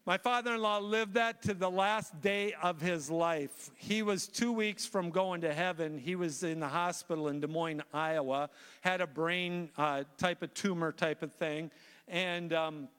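Male preacher, high-pitched, animated storyteller full of restarts, in a reverberant church sanctuary. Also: a little slow, clear, resonant tone. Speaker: guest preacher. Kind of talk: sermon.

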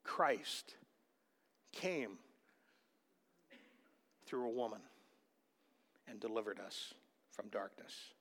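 A man's voice: on the low side, drawn-out words, pauses often, fairly bright tone. A man preaching a sermon as pastor, emphatic and calling out to the congregation. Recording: long hall reverb.

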